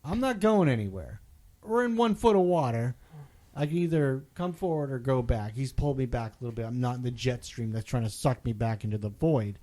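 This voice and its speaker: A man co-hosting a podcast, telling a story in a casual, animated way and loudly acting out what people said. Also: mid-range voice, brisk. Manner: animated, acts out quotes loudly. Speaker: podcast co-host.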